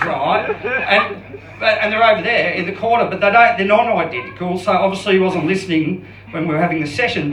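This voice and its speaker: Halting man doing stand-up. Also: high voice, distant mic, noisy background. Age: around 50. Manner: self-deprecating, halting with restarts. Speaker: stand-up comedian. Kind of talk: open mic stand-up set. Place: comedy club stage. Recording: roomy club sound from off mic.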